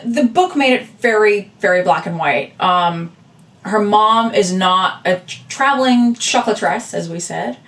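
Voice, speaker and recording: A woman's voice: medium pitch, lively intonation, a little slow, fairly bright tone, recorded from a distance. A woman vlogger and artist talking casually to camera, rambling with lots of fillers and asides. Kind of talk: casual chatty vlog. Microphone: camera with a separate audio backup.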